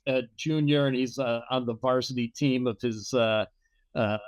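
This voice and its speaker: A middle-aged guest talks casually with a halting delivery and keeps searching for his words. His voice sits at an average pitch, and the recording is dry and close. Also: steady tone, no echo. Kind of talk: casual chat.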